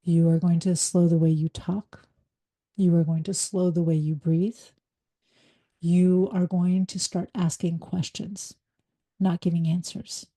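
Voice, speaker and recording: Here a middle-aged woman with a lowish voice presents a workshop live. She works as a leadership coach after a career in psychology, and her delivery is rapid, direct and lively.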